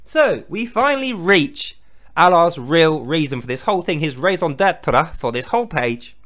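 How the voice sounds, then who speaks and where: A man's voice: fairly high pitch, big pitch swings, normal speed, a bit bright. A man giving sarcastic, profane commentary on a scripture reading. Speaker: host.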